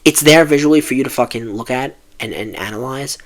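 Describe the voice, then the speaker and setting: A man's voice: medium pitch, fairly quick. Profane, exasperated man ranting. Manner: profane, exasperated rant with many restarts. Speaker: film reviewer. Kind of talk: ranting film review.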